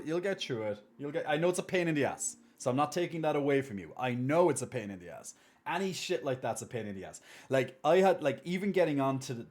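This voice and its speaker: Chatty male streamer reading chat. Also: mid-range voice. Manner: chatty and reassuring, thanks subscribers warmly. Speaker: live streamer. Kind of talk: casual chat reading viewer messages.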